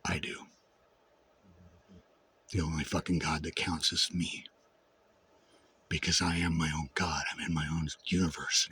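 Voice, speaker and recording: A man talks straight to camera in a raw, profane monologue. His husky, somewhat low voice sinks into brooding mutters, then climbs into loud, passionate shouts. The delivery stays intense and unfiltered throughout. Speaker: vlogger.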